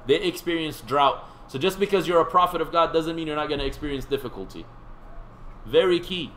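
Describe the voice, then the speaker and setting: A man with a somewhat high voice gives a relaxed classroom lecture. He talks in a conversational way, stops to quiz the students in the room, and drops in light joking asides. A faint hiss sits under his voice. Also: fairly quick, rough recording. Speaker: seminary teacher.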